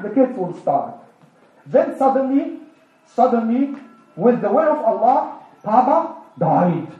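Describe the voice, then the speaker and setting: A male preacher giving an interactive sermon, animated, asking the audience questions and then answering them himself. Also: extremely high pitch. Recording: echoey hall, distant dull mic.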